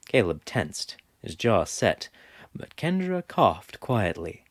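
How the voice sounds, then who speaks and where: Audiobook narrator: man, low register, unhurried, expressive delivery. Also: no room sound, clean studio sound. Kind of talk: scripted narration.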